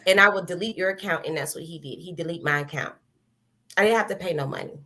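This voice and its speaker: A woman giving a testimony, telling her story in a lively way, acting out her own past words and laughing often. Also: fairly low pitch, quick pace. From American South. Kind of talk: animated personal storytelling.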